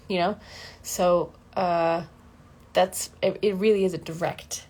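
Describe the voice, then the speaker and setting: A woman's voice: on the low side, fairly even intonation, slow, a little mellow. A woman vocal coach talking casually and candidly in a livestream lesson, laughing often and acting out the voices in her head.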